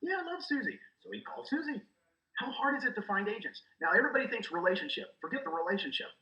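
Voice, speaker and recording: A middle-aged man with a high, lively voice that jumps around as he acts out little conversations. He talks fast and sharp, with an edge of brightness to every word. The room is echoey and the sound a bit dull. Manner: animated, acts out quoted dialogue. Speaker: guest, real estate recruiter. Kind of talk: energetic coaching talk.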